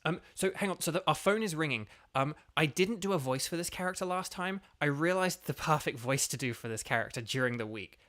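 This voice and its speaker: A man's voice: fairly high pitch, expressive, fairly quick, few pauses, fairly bright tone. A young British man chatting casually while livestreaming a video game, rambling with lots of fillers. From Britain. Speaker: game streamer and voice actor. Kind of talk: casual gaming livestream chat. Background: faint background music.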